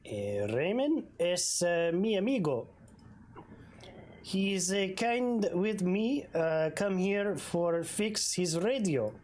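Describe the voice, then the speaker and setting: Woman playing a male mechanic, halting broken English with Spanish words, game role. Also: mid-range voice, expressive, a little mellow, a little hiss or hum. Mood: defensive.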